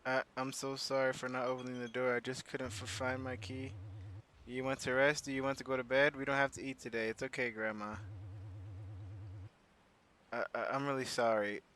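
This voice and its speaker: A man voicing an apologetic young grandson in a horror game, reading his lines in a hushed, quiet way. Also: mid-range voice, flat delivery, moderate pace, slight background noise, lightly acted.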